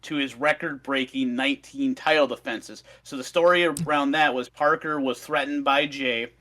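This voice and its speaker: A man's voice: medium pitch, fairly even intonation, moderate pace, pushed and bright. A man on a casual podcast, recapping notes in an upbeat, slightly scattered way. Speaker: podcast co-host reading out history notes.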